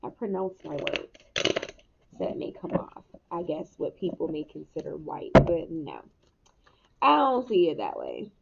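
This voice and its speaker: A tarot reader in young adulthood speaks a little slowly in a low, gravelly voice whose pitch swoops wildly. Her spiritual reading is casual and candid, with frequent laughter and the odd swear, recorded through a muffled, hissing mic.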